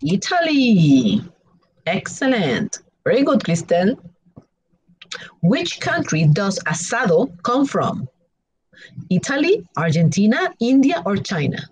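Woman teacher on a video call, slow and deliberate, animated pitch, slightly husky. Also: low-quality recording. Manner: slow, clear, lively questions with options. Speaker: English teacher. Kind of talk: online class quizzing students.

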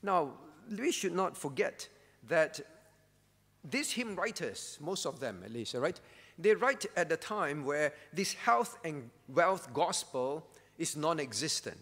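A man preaches in an earnest, teaching way, often pausing to check that his listeners follow. His voice sits a touch higher than most men's. The church hall around him adds a long, ringing reverb. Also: expressive, a bit bright. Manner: earnest teaching, with frequent "all right?" check-ins and questions to the congregation. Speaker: pastor. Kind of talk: sermon at a prayer meeting.

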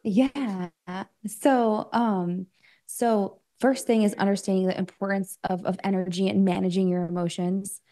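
A woman coach talks loosely as an interview guest, her voice mellow and warm in tone. She speaks at an ordinary pitch for a woman, filling her speech with likes and ums. Now and then she acts out her own thoughts as little quoted asides. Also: fairly even intonation, unhurried. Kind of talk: casual interview talk.

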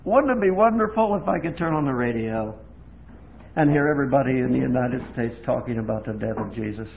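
A man preaching a sermon in a folksy storytelling way, moving from quiet chat to loud, fervent preaching. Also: medium pitch, animated, a little fast, vocal fry. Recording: tinny lo-fi tape with faint hiss.

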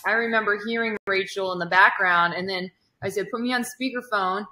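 A woman hosting a casual interview, calmly recounting events and reacting briefly to her guests. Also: mid-range voice, brisk, a little hiss or hum. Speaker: host. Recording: roomy echo.

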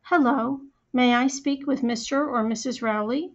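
A woman's voice: high voice, fairly even intonation, normal speed, lightly acted. A woman voicing a female school official who speaks politely, cool and businesslike. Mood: formal. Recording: slightly muffled recording.

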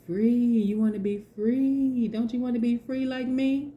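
A woman voicing a bird that pleads for freedom in a high, drawn-out, coaxing tone. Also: steady tone, highs cut off, natural voice.

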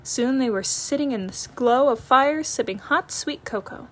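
A woman narrating a children's picture book read-aloud in a gentle, expressive storytelling manner. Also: high voice, normal speed.

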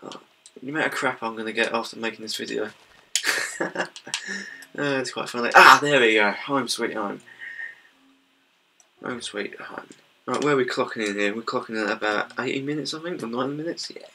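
A man's voice: mid-range voice, fast, pushed and bright. A young British man chatting casually over his gameplay, rambling and apologizing in a self-deprecating way. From Britain. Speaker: gaming YouTuber. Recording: distant mic with faint background noise.

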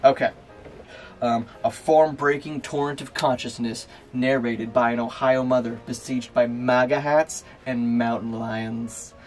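A man from Minnesota, co-hosting a casual book podcast, animated and joking and swearing freely. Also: mid-range voice, measured pace, soft background music. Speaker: podcast co-host, bookseller. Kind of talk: casual chat.

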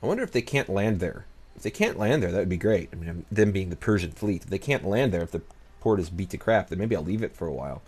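A man's voice: low-pitched, expressive, fast, darkish tone, breathy edge. A man giving casual let's-play commentary as he plays, muttering to himself, talking back to the game's nations and swearing now and then. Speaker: gaming channel host.

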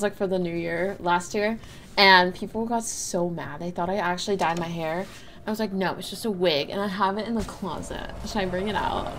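A woman's voice: on the low side, fairly bright tone, slight background noise. A woman streamer chatting casually with her viewers while she plays a game. She keeps breaking into helpless giggles. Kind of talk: casual live gameplay chat with viewers. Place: her bedroom at home.

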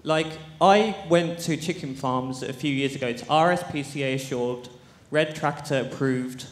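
A man's voice: mid-range voice, moderate pace. A man in his thirties asking an impassioned question from the floor of an event, his voice shaky and his phrases tumbling out urgently. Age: 30s. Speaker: audience member asking a question. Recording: echoey hall.

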